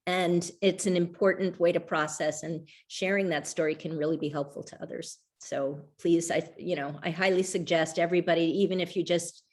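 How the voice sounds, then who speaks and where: A guest author in middle age chats over a video call in a fairly low, steady voice at normal speed, barely pausing. Reflective and rambling, she keeps restarting and drifting off mid-thought.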